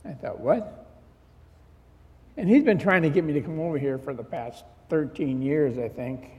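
A man's voice: fairly high pitch, animated, brisk, darkish tone, in a large hall, highs cut off. A middle-aged man preaching, telling a personal story in a conversational way and acting out the dialogue he retells. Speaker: pastor. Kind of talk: sermon testimony.

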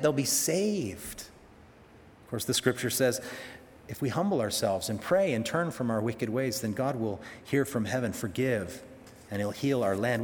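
A male pastor delivering a sermon with lively, animated emphasis. His voice sits at a middle pitch, and now and then it jumps high as he dramatizes quoted words. A long reverb trails behind him, as in a large hall. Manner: animated preaching, acts out quoted prayers with sharp pitch jumps.

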